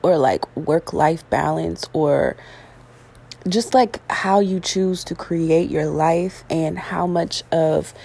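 A woman with a low, creaky, warm voice and a breathy edge vlogs in a casual, rambling monologue, recorded by herself. She's frank and swears freely, and she yawns and coughs as she recovers from an illness.

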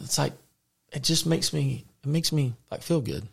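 A man with a Southern accent hosting a casual faith podcast, upbeat and friendly and quick to laugh. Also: fairly high pitch, animated, gravelly, slightly rough. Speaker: podcast host.

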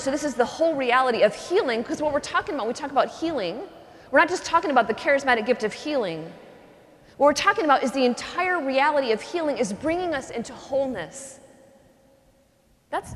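A woman, a religious sister, giving a talk and telling a personal story, earnest and animated, with her voice dropping soft in tender moments. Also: high voice. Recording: long reverb from a hall.

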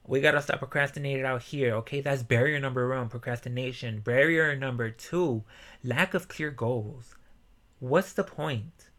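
A young man hosting a motivational podcast alone, swearing a lot and breaking into loud yelling. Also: mid-range voice, moderate pace. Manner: profane, animated, bursts into yelling. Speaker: podcast host.

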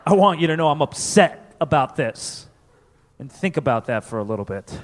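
A man from Connecticut doing live stand-up comedy, animated, profane and self-deprecating, on a festival stage before an audience. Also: on the high side, normal speed. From Connecticut, USA. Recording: reverberant live venue.

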